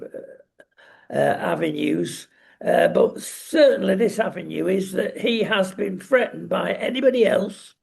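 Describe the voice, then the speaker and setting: A man co-hosting a political commentary show, talking in a slow, emphatic and sardonic way with frequent ums. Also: high-pitched, gravelly, a little mellow, husky. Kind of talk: opinionated casual commentary.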